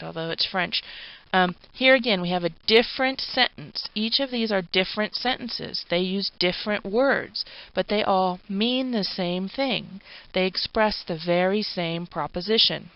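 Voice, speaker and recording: A woman giving a recorded philosophy lecture, explaining patiently with informal asides. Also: medium pitch. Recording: dull, dry lo-fi recording.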